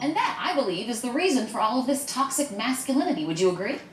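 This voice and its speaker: A chatty, overbearing woman with a high, quick, sing-song voice who keeps fishing for agreement. The sound is roomy, with faint noise. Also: big pitch swings. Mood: probing. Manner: prying, pushes for agreement. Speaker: sitcom character. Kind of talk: sitcom acting.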